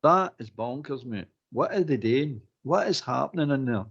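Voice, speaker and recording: A Scottish man on a fan phone-in, his voice gravelly and husky. He rants in animated, exasperated bursts over dull, lo-fi audio. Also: medium pitch, moderate pace. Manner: animated, exasperated ranting with laughs. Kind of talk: casual football chat.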